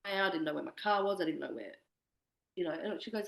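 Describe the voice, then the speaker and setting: A young woman with a low, gravelly voice talks openly in an interview. She swears freely and acts out her own past words. The room around her has an echo. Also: animated, a little fast, a bit bright. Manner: candid, swears freely, quotes herself. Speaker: interview guest. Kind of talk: candid personal conversation.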